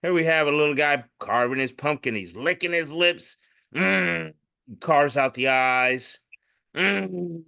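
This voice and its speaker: A man co-hosting a podcast, chatting casually as he describes memes aloud and puts on quick voices for the characters. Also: medium pitch, pushed and bright, clear, resonant tone. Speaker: podcast co-host.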